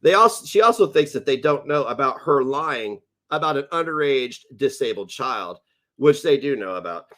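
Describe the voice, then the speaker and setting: A man's voice: medium pitch, sing-song, moderate pace, fairly bright tone. Sarcastic ranting male streamer. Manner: sarcastic, mocking and emphatic. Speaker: livestream host. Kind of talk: ranting livestream commentary.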